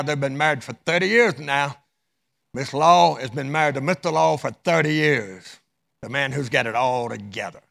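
A man preaching a sermon through a dramatic story, with his voice rising loud and dropping low. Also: creaky. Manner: dramatic, wide swings in loudness.

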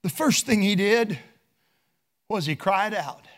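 A man's voice: high voice, lively intonation, slow. A man preaching a sermon in a fervent, emphatic way.

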